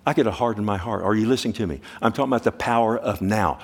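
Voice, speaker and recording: A man's voice: fairly low pitch, quick pace. A middle-aged male pastor preaching a sermon, telling stories with rising urgency and asking the congregation direct questions.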